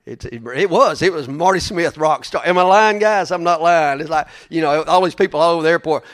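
A man's voice: a little high, brisk, hardly any pauses, a bit bright. A man preaching a sermon in a folksy, emphatic way, often repeating his words.

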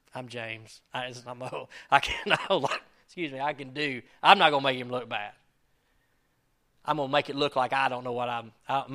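Bright-voiced earnest male preacher. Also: medium pitch. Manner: earnest, swings between loud emphasis and quiet asides; acts out quoted prayers and lines. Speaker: pastor. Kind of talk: sermon.

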